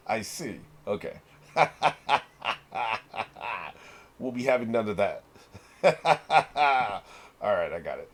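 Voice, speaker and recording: A man's voice: on the low side, lively intonation, fairly quick, hardly any pauses. A middle-aged man hosting a reaction video, chatting casually as he watches, swearing freely and laughing often. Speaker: reaction channel host.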